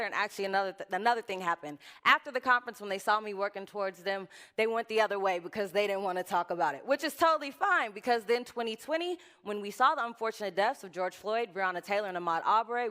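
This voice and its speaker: A woman giving a chatty, lively conference talk from a stage. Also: medium pitch, clear, resonant tone. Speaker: conference speaker. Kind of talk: conference presentation.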